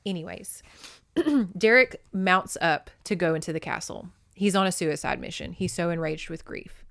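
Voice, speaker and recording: A woman hosting a podcast, recapping a romance novel in an excitable, profane and chatty way, and reading passages aloud. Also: on the low side, moderate pace, vocal fry, no echo, clean studio sound. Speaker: podcast host. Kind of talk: casual book recap with read-aloud passages.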